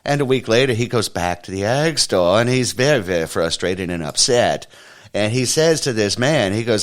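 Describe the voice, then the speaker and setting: A man with a very deep voice hosts a comedy show and tells a long shaggy-dog joke. His delivery is slow, rambling and folksy. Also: animated. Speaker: comedy podcast host. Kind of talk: joke storytelling.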